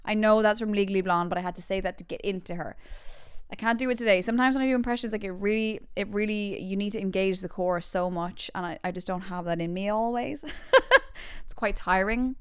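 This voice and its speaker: A woman around thirty, hosting a podcast with bubbly, giggly storytelling and quick tangents. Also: medium pitch, clear, resonant tone, dry recording, clean studio sound. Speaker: podcast host. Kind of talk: casual chat.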